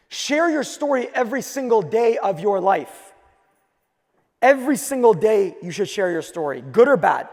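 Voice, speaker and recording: Male conference speaker from Quebec, high raspy-fried voice, energetic storytelling, hall reverb. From Quebec, Canada. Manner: energetic storytelling, punchy short phrases. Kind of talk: keynote talk on stage.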